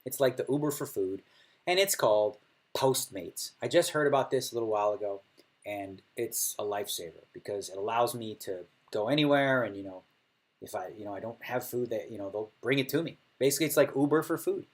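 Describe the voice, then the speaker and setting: A man's voice: medium pitch, expressive, fairly quick. A middle-aged man casually chatting while streaming poker, laughing often and acting out other players' table talk. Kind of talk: casual chat.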